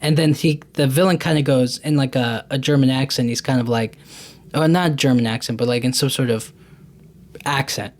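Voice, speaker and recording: A man talks through a film on his podcast in a relaxed, off-the-cuff way. His voice sits at an ordinary middle pitch. He circles back, restarts and pads his sentences with fillers as he goes. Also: normal speed. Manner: rambling, loose, with many restarts and fillers. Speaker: podcast host. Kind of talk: casual movie recap.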